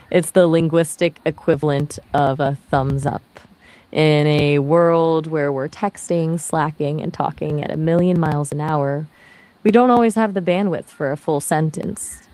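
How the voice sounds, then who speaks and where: A woman's voice: low-pitched, unhurried, warm tone. A synthetic woman's voice answering questions as a conversation partner, in a breezy, chatty explaining manner.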